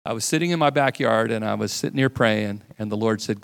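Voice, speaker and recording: A middle-aged man delivers a sermon as if telling a story to friends, his voice gravelly with a rough fry. He often sinks to a hushed, low tone when he quotes dialogue. The recording is dry and close, with no room echo. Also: a little fast. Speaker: pastor.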